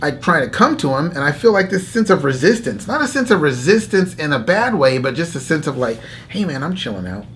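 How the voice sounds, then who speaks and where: A man's voice: fairly high pitch, very animated, a little fast, a bit bright, a little hiss or hum. A man hosting a casual faith talk, telling a story animatedly, acting out inner dialogue and laughing often between phrases. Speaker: host. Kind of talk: casual spoken testimony.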